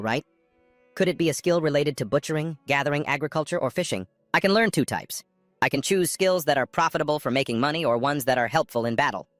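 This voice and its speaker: A man's voice: fairly high pitch, no room sound, lightly acted. A man voicing a flustered young male gamer hero who talks in nervous exclamations.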